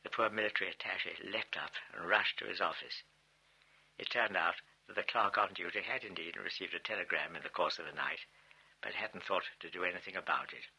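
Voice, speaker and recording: A man narrating a first-person memoir as an audiobook, in a measured, reflective storytelling manner. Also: deep voice, creaky, bright, forceful tone, husky, low-quality recording.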